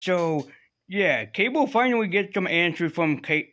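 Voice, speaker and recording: A man's voice: high-pitched, lively intonation, measured pace, a bit bright. A man casually reviewing comic books in a rambling, sarcastic way, swearing freely.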